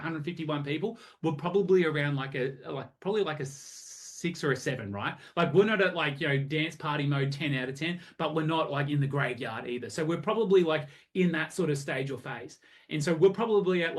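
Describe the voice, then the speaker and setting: Man, energetic coach, video call, acts out dialogues. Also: on the high side. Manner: energetic, animated, acts out both sides of chats. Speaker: sales coach.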